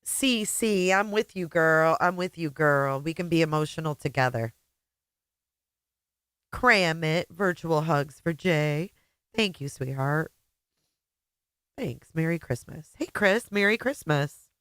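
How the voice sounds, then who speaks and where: A woman's voice: low voice, slow, long pauses, a bit bright, smooth, no room sound. Teary chatty woman livestreaming. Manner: emotional, chatty, reading out viewer names. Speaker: livestream host. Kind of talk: casual livestream chat.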